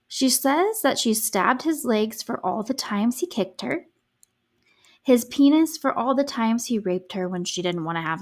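A young adult woman hosting a true crime podcast, telling the case in a casual, sarcastic way, full of "like" and swearing freely. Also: fairly high pitch. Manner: chatty, sarcastic, frequent "like" filler, swears freely. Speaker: podcast host.

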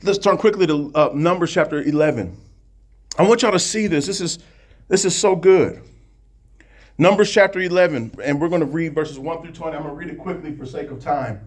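A man preaching a sermon in a lively, conversational way, reading scripture quickly and breaking off into asides to the congregation. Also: on the high side. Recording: echoey room.

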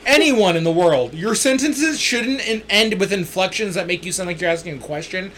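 A man's voice: high voice, animated, moderate pace, bright, forceful tone, slight background noise. A man hosting a podcast in casual chat, joking crudely and swearing a lot. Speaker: podcast host.

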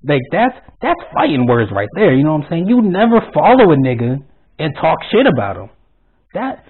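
A young man telling a work story on his channel, blunt and animated, swearing constantly. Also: a little high, a little fast, breathy edge. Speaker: vlogger. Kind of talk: profane storytime rant. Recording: tinny lo-fi phone-like sound.

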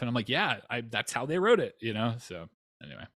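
A man's voice: medium pitch, big pitch swings, a little fast, fairly bright tone, no room sound. A man who lives in North Texas, chatting casually as a podcast co-host, rambling with lots of restarts and fillers. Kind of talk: casual chat.

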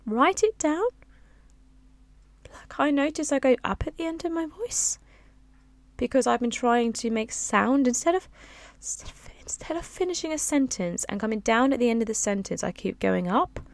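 Soft, close-miked woman, slightly raspy. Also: no room sound. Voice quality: a little raspy; low and resonant. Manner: soft-spoken, close to the mic. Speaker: podcast host. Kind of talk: reflective solo podcast. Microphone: close-up studio mic with pop filter.

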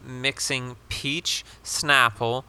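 Young man, podcast co-host, casual chat, rambling, filler-heavy, swears, bright tense voice. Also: medium pitch, little pitch movement, extremely slow, smooth.

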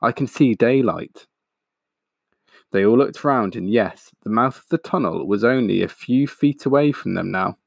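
A man reading a children's picture book aloud, steady and expressive. His low voice has a gravelly fry, and the sound is dry and close. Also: moderate pace, hardly any pauses, no echo. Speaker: storyteller.

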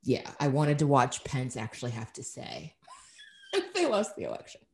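A woman co-hosting a podcast in casual chat, animated and self-deprecating, laughing often. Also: a bass voice, moderate pace. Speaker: podcast co-host.

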